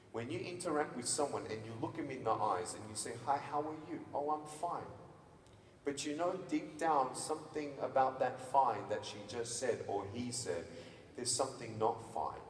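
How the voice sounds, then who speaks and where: A motivational speaker in his thirties with an Australian accent, who gives a lively stage speech, acts out scenes and calls on the audience to answer. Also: mid-range voice, slight background noise. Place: large conference hall. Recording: distant, echoey hall recording.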